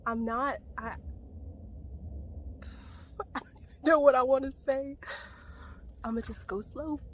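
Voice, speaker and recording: A woman's voice: high voice, slow. A young woman filming herself outdoors beside her van on a handheld phone, chatting casually and nervously, saying y'all and like a lot. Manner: nervous and breathy, often hushed. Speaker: van life vlogger. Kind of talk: casual vlog talk to camera. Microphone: handheld phone camera.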